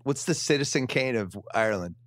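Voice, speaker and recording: A man hosting a casual podcast interview, chatty and quick with questions. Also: medium pitch, expressive. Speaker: podcast host.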